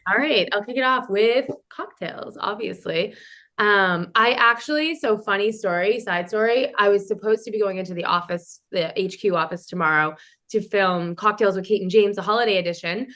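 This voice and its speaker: A woman co-host who is sick, talking in a loose, giggly way. Her voice sits in a middle pitch, and she drifts into side stories as she chats about drinks. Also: moderate pace, fairly bright tone. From New England. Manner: giggly, chatty, rambling asides. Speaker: podcast co-host. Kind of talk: casual chat.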